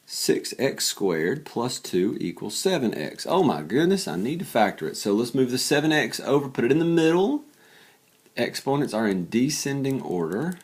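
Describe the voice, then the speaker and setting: A tired math teacher works through problems late at night in a casual worked-example lesson, chatting, thinking aloud, and poking fun at his own mistakes. His medium-pitched voice is very animated, a bit mellow and breathy, at a moderate pace.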